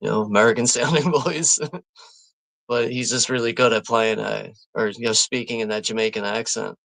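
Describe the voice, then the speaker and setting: A man's voice: mid-range voice, steady tone, moderate pace, creaky, a bit bright, dry recording, rough recording. A man hosting a live watch party stream, chatting casually and rambling, with lots of fillers, restarts and easy chuckles. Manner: easygoing, chuckles often.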